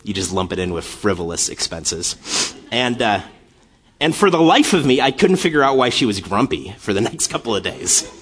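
Pastor, male, 30s, husky, wide-ranging delivery; humorous sermon storytelling that climbs to fervor. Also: lowish voice, very animated, normal speed, a bit bright. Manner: self-deprecating storytelling, laughing often, rising to impassioned intensity.

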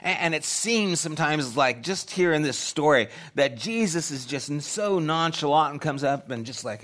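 A man's voice: a little high, animated, normal speed, hardly any pauses, fairly bright tone. Earnest middle-aged male pastor preaching. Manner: earnest, conversational preaching with repeated phrases. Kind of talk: sermon.

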